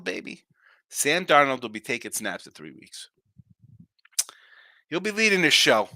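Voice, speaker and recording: Brash, animated male sports betting host. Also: medium pitch, vocal fry, no room sound, clean studio sound. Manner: brash, animated, jokey, talking to viewers. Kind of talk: live betting picks chat, reading comments.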